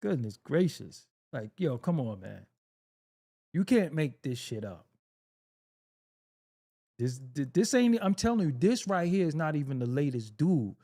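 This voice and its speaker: Lively, laughing male reaction host. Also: on the high side, measured pace, long pauses. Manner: animated and joking, laughs often, swears freely. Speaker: host reacting to video clips. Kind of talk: casual reaction commentary.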